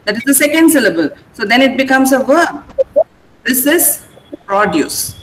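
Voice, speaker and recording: A woman teaching an online English vocabulary class, repeating words slowly and asking her pupils how to pronounce them. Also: high-pitched, lively intonation, slight background noise, poor audio.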